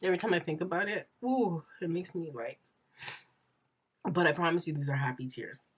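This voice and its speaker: A woman's voice: fairly low pitch, a little fast, slightly rough. A young woman vlogger telling her personal story in an earnest, rambling way, full of fillers and close to tears.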